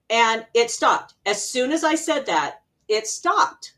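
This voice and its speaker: A middle-aged woman from Arizona, an interview guest and healer, telling personal stories in a casual, animated way with frequent laughter. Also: fairly high pitch, measured pace. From Arizona, USA.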